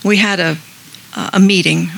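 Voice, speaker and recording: A middle-aged woman tells a personal story at a support group, heartfelt and unhurried. Her voice is bright and clear, and she slips into the voices of people she quotes. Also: mid-range voice, fairly even intonation, rough recording. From Colorado. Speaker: group member sharing. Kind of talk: personal share at a support meeting.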